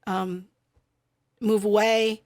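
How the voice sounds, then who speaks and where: A woman's voice: mid-range voice, little pitch movement, very slow. Thoughtful middle-aged woman co-host. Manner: thoughtful, explanatory, with frequent fillers. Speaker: podcast co-host. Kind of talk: casual faith podcast chat.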